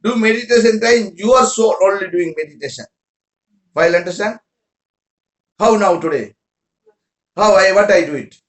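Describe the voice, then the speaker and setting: A man's voice: high-pitched, moderate pace, long pauses, a bit bright. A man giving an informal spiritual talk to followers in broken English, repeating words and asking listeners questions. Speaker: spiritual teacher. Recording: roomy echo.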